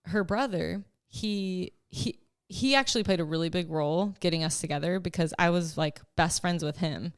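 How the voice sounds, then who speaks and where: A young woman chats casually on a podcast, laughing often and leaning on "like". Her voice sits a little low and sounds smooth. The sound is close and dry. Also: normal speed, hardly any pauses, dry recording. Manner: chatty and emotional, laughs often, lots of "like". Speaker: life coach.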